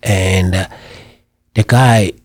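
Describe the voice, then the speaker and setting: A man in his forties from Africa, hosting a radio talk show and telling a story in an animated, chatty way. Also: sits low, very slow, dry recording.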